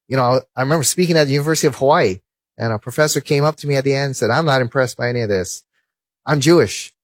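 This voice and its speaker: Male speaker, middle pitch, dry close sound, animated storyteller with rhetorical questions. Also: no room sound. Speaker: Christian apologetics speaker. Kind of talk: lively apologetics talk with anecdotes.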